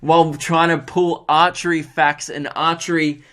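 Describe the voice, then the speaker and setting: A man's voice: on the high side, level tone, unhurried, a bit bright. A man, a comedian hosting his own podcast, telling a funny story in an exasperated, ranting, self-mocking way.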